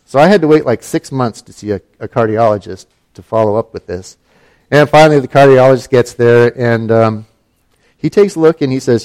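A middle-aged man from Alaska recounts a personal story in an easy, conversational way. His voice sits at an ordinary middle pitch, and his humor is wry and self-deprecating. He stumbles and restarts often, as people do in unscripted talk. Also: brisk, a little mellow. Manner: wry, self-mocking, with frequent fillers and restarts. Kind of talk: personal story told casually.

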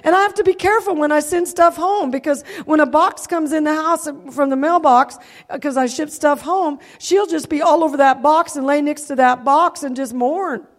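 High-voiced woman preaching in a reverberant hall. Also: moderate pace, few pauses. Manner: emotional, calls out "Amen?" to the crowd. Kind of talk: sermon.

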